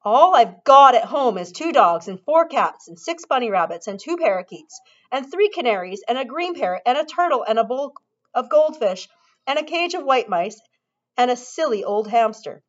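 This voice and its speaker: Casting: woman playing a loud, whining rich brat of a girl, high and lively. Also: normal speed, natural voice. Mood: demanding. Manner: demanding, whining, shouting. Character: spoiled shrieking bratty little girl. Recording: dull lo-fi recording.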